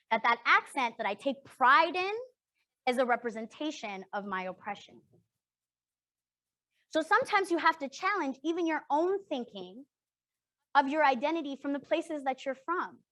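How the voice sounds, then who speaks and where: A young adult woman from Canada leading an interactive workshop, speaking earnestly and emphatically and often checking in with a quick "right?". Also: a little high, fairly bright tone, no room sound. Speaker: workshop facilitator.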